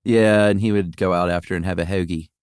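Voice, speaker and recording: A man's voice: steady tone, fast talker, darkish tone, smooth, no room sound, clean studio sound. A middle-aged man co-hosting a podcast, chatting casually and playfully. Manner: playful, sings a jingle in a high voice. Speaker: podcast co-host. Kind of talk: casual chat.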